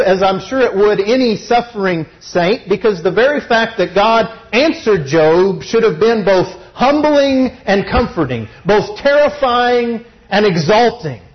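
High-voiced guy preaching, super animated, asks the crowd questions, muffled lo-fi audio. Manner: expressive, teaching, rhetorical questions. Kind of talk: sermon.

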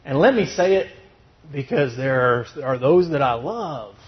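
A man's voice: medium pitch, moderate pace. A man preaching a sermon, firing rhetorical questions and then answering them himself. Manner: emphatic rhetorical questions, then calmer and gentle. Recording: dull lo-fi recording.

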